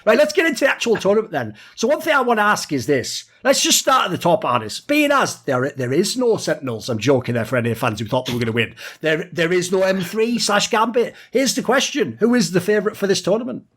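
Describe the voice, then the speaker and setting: A man hosting a casual esports talk show, chatty and quick, often swearing and laughing. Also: high voice, big pitch swings, a bit bright, slightly rough.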